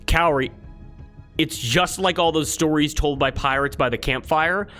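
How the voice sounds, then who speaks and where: A man running a tabletop game as game master, talking fast, often correcting himself and laughing. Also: on the high side, sharp tone, soft background music.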